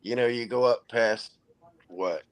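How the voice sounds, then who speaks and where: A man's voice: medium pitch, a little slow. A man with a Midwestern accent chatting eagerly on a video call about dialects and keepsakes. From Midwest, Indianapolis. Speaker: stream guest. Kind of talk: casual chat.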